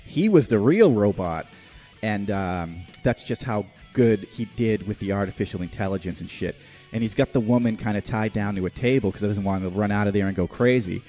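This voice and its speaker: A man's voice: fairly low pitch, expressive, a little fast, warm tone, faint music behind. A man hosting a casual podcast, reviewing a movie in a rambling, profane way with lots of fillers. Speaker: podcast host.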